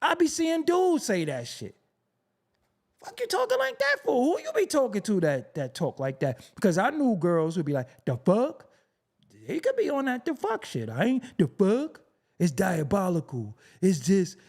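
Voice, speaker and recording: A man's voice: sits high, wildly swooping pitch, moderate pace, creaky, darkish tone. A man from Brooklyn with a New York accent, ranting as a show host on a live stream, profane and mocking, firing off rhetorical questions. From Brooklyn, New York City. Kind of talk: unscripted rant to a live stream audience.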